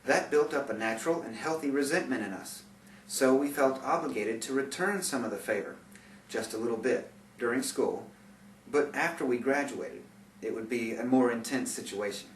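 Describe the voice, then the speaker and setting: A man's voice: medium pitch, normal speed, roomy sound, distant mic, slight background noise, poor audio. Sardonic man reading his memoir. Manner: sardonic, bitter asides with laughs. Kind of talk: audiobook memoir narration.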